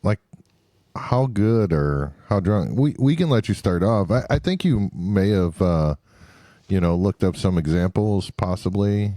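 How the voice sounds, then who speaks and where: A man's voice: low-pitched, lively intonation, measured pace, dark tone, no room sound, studio quality. A man co-hosting a podcast, joking in laid-back casual banter. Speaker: podcast co-host. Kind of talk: casual chat.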